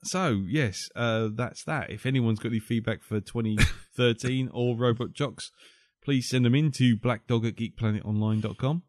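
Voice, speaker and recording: A man's voice: medium pitch, moderate pace, darkish tone, no room sound, clean studio sound. A man hosting a podcast, joking, swearing and teasing his co-hosts in casual banter. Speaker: podcast host.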